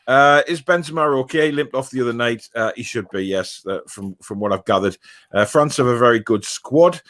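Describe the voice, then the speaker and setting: A man's voice: mid-range voice, a little fast, a bit bright. A chatty man. He hosts an easygoing football talk show, reading out comments and spinning jokey anecdotes. He keeps a loose, rambling rhythm with lots of ums and uhs. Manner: chatty, jokey storyteller, frequent fillers. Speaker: podcast host reading viewer comments. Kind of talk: casual chat.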